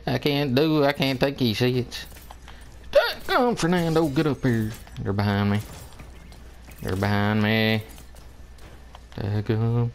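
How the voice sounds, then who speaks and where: Guy commentating his game, slow drawl, lowish voice, begging his team to help, little hiss behind. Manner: drawling, exasperated, pleading with teammates. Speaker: gamer. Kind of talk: gameplay commentary.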